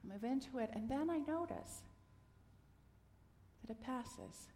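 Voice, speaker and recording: A middle-aged woman giving a gentle, earnest sermon, sometimes dropping to a soft near-whisper. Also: high-pitched, lively intonation, measured pace. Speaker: minister. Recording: long hall reverb.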